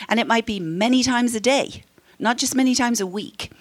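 A woman's voice: on the high side, expressive, a little fast. A middle-aged woman counselor leading a parenting workshop, friendly, often laughing and acting out what parents and children say. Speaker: counselor teaching a parenting class. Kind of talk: workshop talk to a live group.

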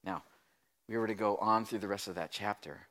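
A man pastor preaching a sermon, moving between loud pleading lines and soft hushed passages as he acts out Bible voices. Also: fairly low pitch, steady tone, fairly quick.

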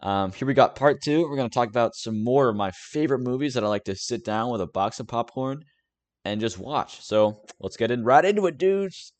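A man's voice: medium pitch, animated, brisk, no echo. A young man hosting his own movie review series, talking casually and hesitantly with lots of fillers and restarts.

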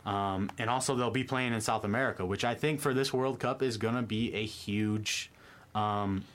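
A man talking sports in casual chat, measured and explanatory, with many ums. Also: fairly low pitch, a bit bright. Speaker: sports pundit.

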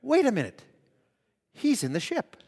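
A man preaching a sermon, swinging from loud exhortation to hushed, acted-out quotes. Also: very high-pitched, wildly swooping pitch, normal speed, gravelly. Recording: long hall reverb.

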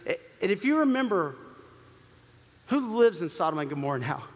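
A man's voice: high-pitched, big pitch swings, normal speed, long reverb tail. A man preaching a sermon in a conversational way, with frequent asides and laughs. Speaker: pastor.

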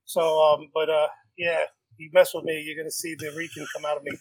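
A man in his forties with a faint New York accent talks as a guest on a casual podcast. His voice is gravelly and sits a little high. He sounds laid-back, and the recording is dry. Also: flat delivery, a little fast, no echo, low-quality recording. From New York (the Bronx). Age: 40s. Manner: laid-back, laughs often. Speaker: podcast guest, reptile breeder. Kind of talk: casual chat.

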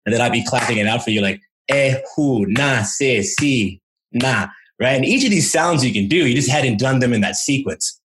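A man's voice: mid-range voice, expressive, fast, fairly bright tone. A man answering interview questions as a language coach, explaining with enthusiasm and demonstrating sounds aloud.

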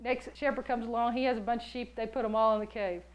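A woman preaches a sermon, animatedly recounting a personal story and acting out the voices she quotes. Her voice is fairly high, and she talks fast.

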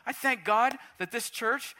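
A middle-aged man preaching a sermon in a church, animated and swinging between quiet talk and shouts. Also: very high-pitched, a little slow. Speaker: pastor. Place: church sanctuary.

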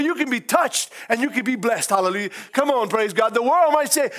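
A man with a Cajun accent preaches a folksy sermon, often exclaiming "praise God" and "hallelujah" and chuckling between lines. His voice is extremely high-pitched and fairly bright, with lively intonation and a fairly quick pace that leaves few pauses.

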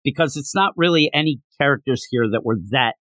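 A man co-hosting a podcast, chatting casually about a manga chapter and acting out characters' lines in quick voices. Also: mid-range voice, fairly bright tone, no room sound. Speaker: podcast co-host.

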